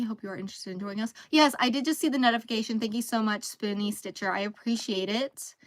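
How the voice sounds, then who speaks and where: A chatty woman in her thirties with a slightly high voice, hosting a cozy live crochet stream. She talks casually and easily, reading viewers' messages aloud and laughing along with them. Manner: chatty, reads chat aloud, laughs often. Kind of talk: casual chat while crocheting.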